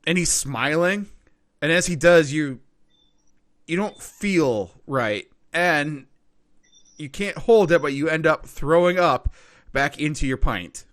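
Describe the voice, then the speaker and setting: A man's voice: a little high, slow pace, fairly bright tone. A man narrating a tabletop game as game master, in a loose, casual way.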